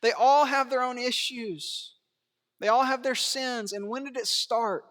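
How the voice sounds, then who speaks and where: A man preaching a sermon in a church, swinging between hushed asides and raised emphatic lines, chuckling and asking rhetorical questions. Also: very high voice, measured pace, in a large hall. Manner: acts out biblical quotes in character voices. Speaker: pastor. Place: church sanctuary.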